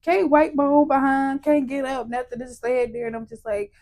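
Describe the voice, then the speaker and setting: Woman guest, higher-pitched voice, animated emotional storyteller, laughs through the hard parts, podcast testimony. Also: moderate pace, creaky. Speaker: guest telling her testimony. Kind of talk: personal testimony in a podcast interview.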